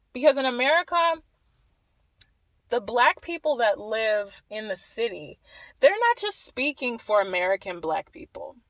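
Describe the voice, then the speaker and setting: A woman's voice: fairly high pitch, dry recording, rough recording. A woman vlogger delivering emphatic opinion commentary, pressing her points with rhetorical questions.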